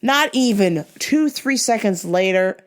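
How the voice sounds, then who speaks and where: A woman vlogger telling a comic personal story, animated and profane, acting out the people she quotes. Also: mid-range voice, a little slow.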